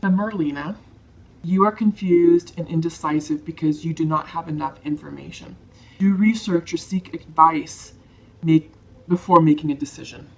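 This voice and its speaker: A woman giving a tarot card reading to her viewers, soft-spoken, emotional and reassuring. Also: deep voice, normal speed. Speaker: tarot reader.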